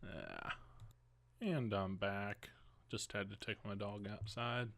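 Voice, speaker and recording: A man's voice: on the low side, steady tone, takes it slowly, vocal fry, fairly bright tone. A young man hosting a podcast at home, reading news stories aloud and adding casual, rambling asides. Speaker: podcast host.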